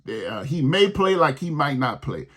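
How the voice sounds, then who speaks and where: A man's voice: medium pitch, big pitch swings, normal speed, fairly bright tone, husky. A man hosting a sports podcast, ranting in a heated, exasperated way and repeating his points.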